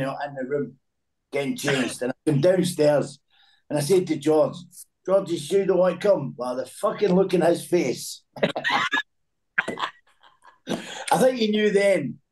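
Scottish guy in his 60s, bit high voice, laughs through his stories, stumbles and repeats. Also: lively intonation, a little slow, pauses often, darkish tone, poor audio. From Scotland. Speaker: former footballer guest. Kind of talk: casual chat, storytelling.

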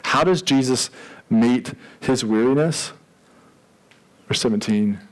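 A man preaching a sermon as pastor, in a conversational, animated way with jokey asides. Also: medium pitch, slow, rough recording.

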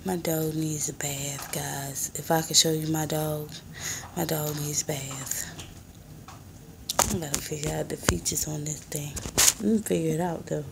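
A young woman in her twenties talks straight into her phone in a cramped apartment, rambling in a hushed, soft-spoken way. Her voice is low and gravelly with a lot of fry. She takes her time and drags each thought out slowly. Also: steady tone, background noise. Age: 20s. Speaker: vlogger and mother. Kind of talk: casual rambling vlog. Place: small apartment.

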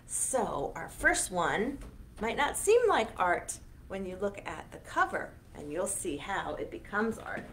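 A librarian hosts an online storytime, reading a picture book aloud to young children in an animated, sing-song style. Her medium-pitched voice is unhurried, with a little hiss or hum in the audio.

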